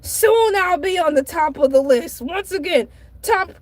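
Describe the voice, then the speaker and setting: A bragging cartoonish shark man, voiced by a woman rambles on in a very high, squeaky voice. He sounds giggly and full of himself. The sound is dry and close, with no room around it. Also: animated, a little slow, dry recording. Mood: boastful. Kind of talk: comedic character vlog.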